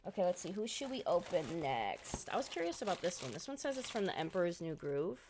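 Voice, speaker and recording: Her voice is on the low side and a little mellow, very animated and slightly fast, with a faint hiss or hum in the background. A game streamer chatting casually on a live stream, she rambles profanely while venting her exasperation.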